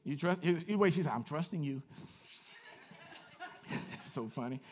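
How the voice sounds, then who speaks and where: Man, pastor, high voice, animated sermon, shouted repetition, chatty asides. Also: unhurried, a little hiss or hum. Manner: chatty with the congregation, laughs at himself. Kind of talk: preaching a sermon. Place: church.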